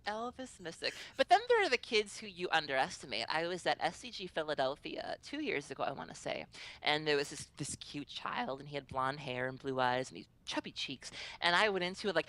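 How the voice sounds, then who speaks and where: A woman guest on a podcast telling stories in casual chat, animated and acting out other people's voices. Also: sits low, a little fast, no room sound.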